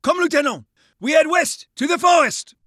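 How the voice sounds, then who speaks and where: A man's voice: very high voice, animated, normal speed, pushed and bright, no echo, studio quality, voice pushed up, exaggerated voice. A man doing an urgent Belgian officer. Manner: urgent, commanding.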